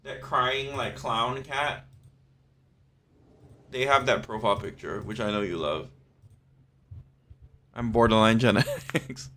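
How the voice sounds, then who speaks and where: Slow, bright-voiced male streamer. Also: medium pitch, a little hiss or hum. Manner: chatty, laughs often, swears freely. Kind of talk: casual live-stream chat.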